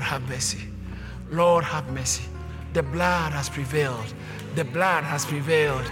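A male pastor preaching with passion, swinging from low murmurs to shouted refrains and repeating phrases for emphasis. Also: long reverb tail. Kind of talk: sermon.

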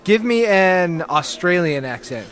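A man's voice: high voice, big pitch swings, a little slow, fairly bright tone. A man co-hosting a casual comedy podcast, talking emphatically and with enthusiasm. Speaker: podcast co-host.

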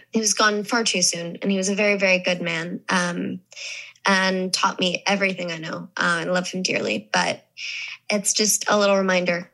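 A woman's voice: on the low side, gravelly, bright, forceful tone, low-quality recording. A young woman from the American South, an actress talking casually and reflectively in an interview. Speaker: actress guest.

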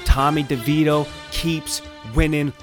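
A man co-hosting a sports podcast, rattling off playful joke recaps of football games. Music plays clearly underneath his voice. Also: fairly high pitch, flat delivery, unhurried, fairly bright tone. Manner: playful, jokey delivery. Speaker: podcast co-host.

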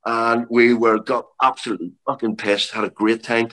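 A man's voice: mid-range voice, flat delivery, normal speed, a bit bright. A middle-aged man with a Northern Irish accent, a comedian guest chatting on a podcast and laughing often as he tells anecdotes. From Northern Ireland. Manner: anecdotal, laughs often while telling stories. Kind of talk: casual podcast chat.

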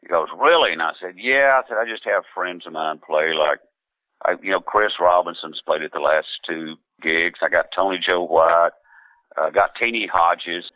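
This casual anecdote comes from a low-voiced musician guest speaking at normal speed in a steady tone over a tinny, phone-style connection with no room sound. He rambles in a laid-back way, with many fillers and restarts, and quotes others in character voices.

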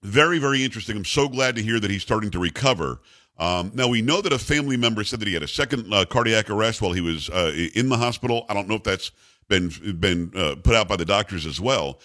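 A man's voice: on the low side, animated, fast, sharp tone. A man hosting a talk radio show, rambling and jokey, chatting casually with his co-host. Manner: rambling, jokey, self-congratulating.

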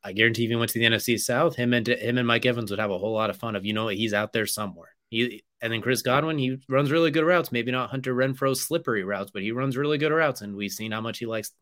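A young man talks fast and loose as he co-hosts a casual sports show, moving from one thought to the next. His pitch sits right in the middle, and he keeps padding his sentences with "as well, too.". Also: steady tone, a bit bright. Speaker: sports podcast co-host. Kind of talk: casual sports chat with ad reads.

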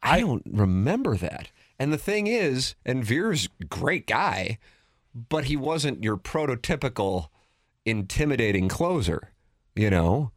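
A man's voice: mid-range voice, very animated, a little slow, dry recording, clean studio sound. A man hosting a sports radio show, chatting casually and teasing his co-host while reading out listener texts.

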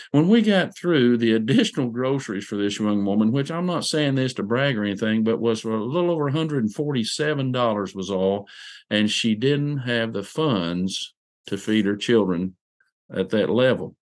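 A man telling a personal story in an unhurried, folksy way, with fillers and restarts. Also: medium pitch, expressive.

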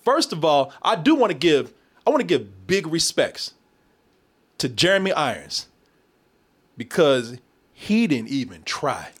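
A man's voice: a little high, a little slow, long pauses, breathy edge. A man casually reviewing a movie with a co-host, joking, swearing and laughing often. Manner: animated, laughing, swearing, does mock voices.

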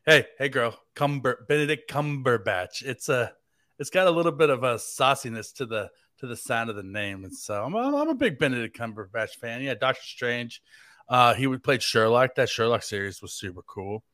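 Bright, rambling, jokey American man. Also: mid-range voice, very animated, fairly quick, dry recording, studio quality. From United States. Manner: rambling and jokey, heavy use of "like". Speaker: fill-in podcast host. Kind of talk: casual sports podcast chat.

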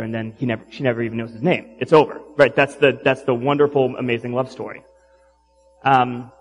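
Male pastor, mid-pitched voice, storytelling sermon over soft background music. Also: rough recording. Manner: retells a story with quoted lines, then asks the audience pointed questions.

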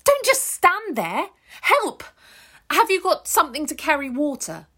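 A woman voicing a tall, angry, desperate British woman with a British accent, shouting and pleading urgently in an audiobook reading. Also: high-pitched, wildly swooping pitch, unhurried, pitched above the performer's own voice, full character voice. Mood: frantic pleading.

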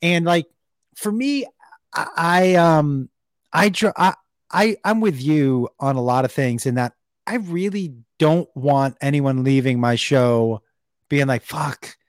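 Higher-voiced male comedian hosting a chat. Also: takes it slowly, no room sound, studio quality. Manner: talks in bursts with restarts and stammers. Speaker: host and comedian. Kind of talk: casual podcast chat.

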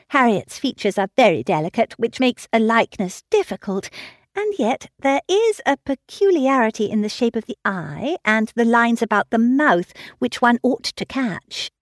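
A woman voicing a lively, self-assured young lady, bright and animated in tone. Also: on the high side, no echo, clean studio sound, pitched above the performer's own voice. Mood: confiding. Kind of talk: audiobook character reading.

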